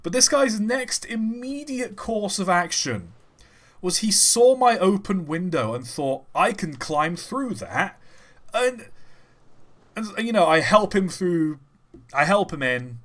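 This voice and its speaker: A young man, chatting and telling stories casually on a live stream, animated and dropping the odd swear word. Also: high voice, takes it slowly.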